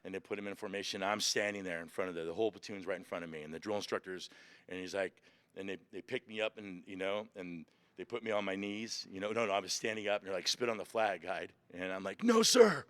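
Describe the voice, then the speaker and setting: A man recounting his Marine boot camp experience as a podcast guest, animated and emotional, acting out shouted orders. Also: sits low, fast, no room sound. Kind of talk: emotional storytelling. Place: museum.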